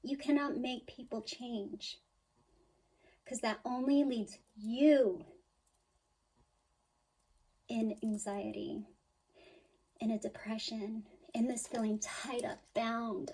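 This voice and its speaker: A woman giving a spiritual tarot reading in a slow, unhurried voice. Her tone is mellow and dark, set a little high, and she speaks in an emphatic, soothing way, sighing now and then. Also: slightly rough, low-quality recording. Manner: emphatic, soothing, with sighs and mock-quoted worries. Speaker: tarot reader.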